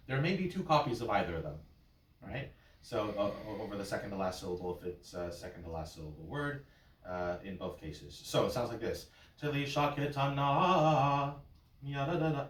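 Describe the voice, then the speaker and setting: A man working as a cantor, teaching a small class with playful memory tricks and short sung examples. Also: lowish voice. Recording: roomy and from far off.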